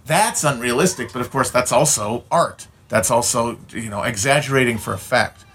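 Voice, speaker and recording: A man's voice: mid-range voice, normal speed, fairly bright tone, breathy edge. A man with an Upper Midwestern accent who streams, ranting casually in a profane, blunt and opinionated way with frequent restarts. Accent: Upper Midwestern American.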